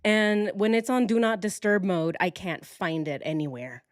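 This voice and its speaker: A woman's voice: medium pitch, no echo, clean studio sound. A woman hosting a true crime live stream from home, chatting casually and animatedly with her viewers, recorded on her phone. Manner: chatty and animated, quick asides and self-correcting. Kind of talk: casual chat to a live audience.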